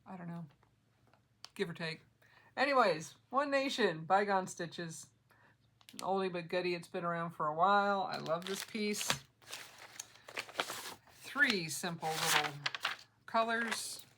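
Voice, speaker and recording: A woman's voice: on the low side, unhurried, long pauses, noisy background. A middle-aged woman vlogging casually about her cross-stitch projects, chatty and joking, laughing often. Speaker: flosstube vlogger.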